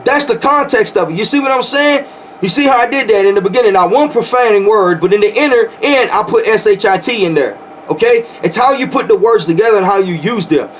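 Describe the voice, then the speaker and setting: High-voiced fervent preaching man. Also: a little hiss or hum. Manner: fervent, rambling, repeats words when worked up. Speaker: pastor. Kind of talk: informal preaching to an online audience.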